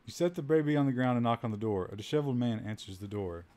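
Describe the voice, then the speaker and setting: A man's voice: medium pitch, lively intonation, racing, warm tone. A male streamer reading a text adventure game aloud to his chat, amused and commenting as he goes. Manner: amused, breaks into laughter at the story; addresses chat directly.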